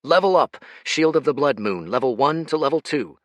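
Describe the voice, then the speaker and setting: A man's voice: mid-range voice, lively intonation, moderate pace, no echo, pitched above the performer's own voice, close to an everyday voice. A man voicing a young male hero who calls out defiantly while under attack, in an audiobook.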